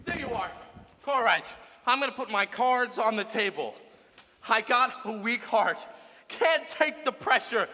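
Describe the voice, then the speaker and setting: A man's voice: very high voice, lively intonation, measured pace, sharp tone, full character voice. A young man playing an anxious, blustering older producer in a school stage musical. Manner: blustering, exasperated. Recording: reverberant school auditorium.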